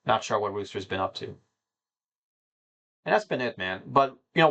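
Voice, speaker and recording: A man's voice: on the low side, expressive, normal speed, creaky, a bit bright. A man hosting a gaming channel, talking to his viewers in a rambling, somber and disappointed way, with many fillers and restarts. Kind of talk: casual monologue to viewers.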